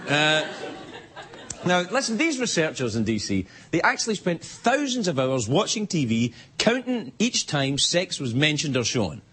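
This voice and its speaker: A man's voice: fairly high pitch, sing-song, moderate pace, breathy edge. A Scottish man hosting a late-night show, delivering a teasing comedy monologue in a TV studio. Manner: playful, teasing, joking. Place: TV studio before a live audience. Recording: loud studio audience laughter and noise.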